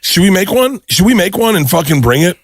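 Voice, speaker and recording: A man in his fifties telling rambling anecdotes on a podcast in an animated way. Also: high-pitched, brisk, husky, no room sound, clean studio sound. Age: 50s. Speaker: podcast guest comedian. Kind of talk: casual podcast storytelling.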